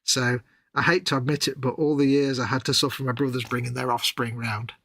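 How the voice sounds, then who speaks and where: A middle-aged man co-hosts a livestream in wry, self-mocking grumbles. His voice is gravelly and husky, with a bright, forceful edge. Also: medium pitch, steady tone, fairly quick. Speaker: livestream co-host. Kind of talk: casual chat.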